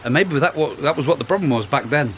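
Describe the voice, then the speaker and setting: Beside his garden pond, a middle-aged British man vlogs casually to the camera, rambling and restarting his phrases as he keeps koi. He talks quickly with lively intonation in a mid-range, fairly bright voice, and there's a little background noise.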